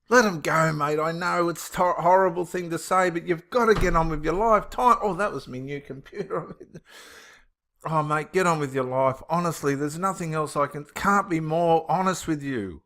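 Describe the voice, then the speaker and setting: A fairly high-voiced man in his fifties reads out viewer comments and reacts to them. He talks with heated emphasis, at times preaching loudly and at times grumbling half to himself. His delivery is casual and unscripted. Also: moderate pace. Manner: impassioned, emphatic, swinging between preaching loudly and muttering to himself. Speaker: channel host.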